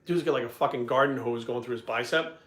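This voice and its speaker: Blunt, profane man, coach type; rapid delivery, roomy echo. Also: mid-range voice, a bit bright. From Providence, Rhode Island. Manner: blunt, heavy swearing, rambling asides. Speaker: bodybuilding coach answering questions. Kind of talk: casual storytelling and Q&A. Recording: echoey room.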